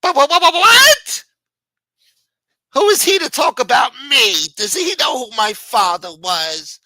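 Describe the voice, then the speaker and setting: A man voicing an indignant mob boss in a comedic phone skit, shouting and profane. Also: mid-range voice, normal speed, no room sound, low-quality recording. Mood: outraged. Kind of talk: comedic prank-call skit.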